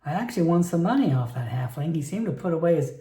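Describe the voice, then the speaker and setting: Figure: a man playing a big, earnest male hobgoblin adventurer. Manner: plain-spoken, a little louder than his narration. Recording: echoey room. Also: on the high side, lively intonation, quick pace, close to an everyday voice.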